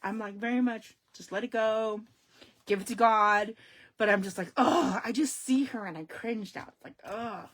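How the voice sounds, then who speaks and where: A woman's voice: medium pitch, moderate pace. Chatty woman hosting a crafting live stream. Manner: talks straight to viewers, venting with sudden loud exclamations and hushed asides. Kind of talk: casual live-stream chat.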